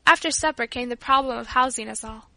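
A woman narrates a storybook with clear, even delivery. Her voice sits high and bright, recorded close and dry with no room sound. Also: a little fast, dry recording. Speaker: audiobook reader. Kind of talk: scripted narration.

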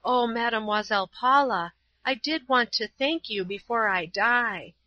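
A woman voicing a frail, dying old woman who speaks weakly and slowly with gratitude. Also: fairly high pitch, no room sound, muffled recording, voice pushed up, natural voice.

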